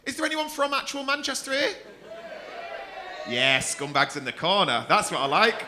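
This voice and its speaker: A man's voice: sits high, very animated, moderate pace, noisy background. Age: adult. Sex: man. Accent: Mancunian. Role: stand-up comic doing crowd work. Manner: teasing, sweary. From North West England. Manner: teasing, sweary, laughing through his jokes. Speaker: stand-up comedian. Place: comedy club stage.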